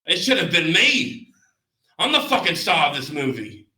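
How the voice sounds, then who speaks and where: A man's voice: on the high side, sing-song, moderate pace, sharp tone, reverberant, voice pushed up, full character voice. A man putting on a British accent to voice a jealous, foul-mouthed male special forces leader. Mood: resentful. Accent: put-on British. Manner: profane, resentful griping.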